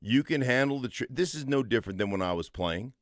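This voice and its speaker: A man's voice: medium pitch, lively intonation, fast talker, no echo. A man in his fifties, a former football player and radio co-host, talking sports with emphatic conviction in a studio. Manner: emphatic, tells stories with conviction.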